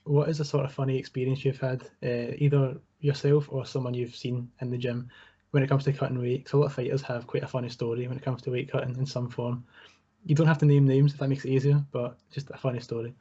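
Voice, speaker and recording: A man hosting a casual interview, asking questions in an even, matter-of-fact way, over muffled video call audio. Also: medium pitch, quick pace, slightly rough. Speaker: interview host.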